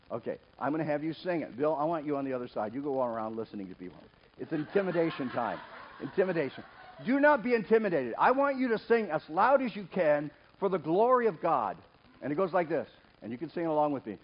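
Lively high-voiced man preaching a sermon. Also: a little fast. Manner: lively, jokes with the congregation, calls out names. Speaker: pastor. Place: church. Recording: dull sound with faint noise.

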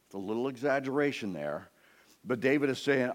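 A man preaching a sermon, telling a story with lively energy and talking straight to the congregation. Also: medium pitch, a little fast. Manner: animated storytelling, addresses the congregation.

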